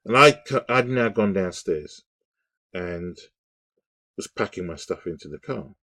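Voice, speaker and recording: A man telling a story in a casual, rambling monologue, animated and full of restarts. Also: sits low, unhurried, dry recording.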